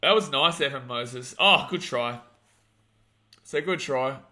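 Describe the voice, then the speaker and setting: On a live rugby league watch-along, a young Australian man calls the play, reads chat and rants, shouting at the big moments. His voice is medium-pitched and slow-paced, though his manner stays excitable.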